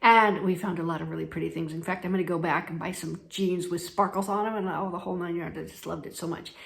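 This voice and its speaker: A woman's voice: lowish voice, fairly even intonation, fast, gravelly. A woman from the United States who tells stories in a chatty way, laughing between sentences as she talks to her viewers. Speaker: travel vlogger. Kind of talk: casual chat. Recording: echoey room.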